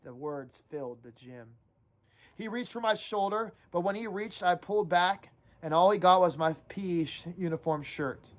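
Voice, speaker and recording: A woman teacher with a fairly low-pitched voice reads a novel aloud to her class in first person. Now and then she pauses to talk with her students and ask them questions.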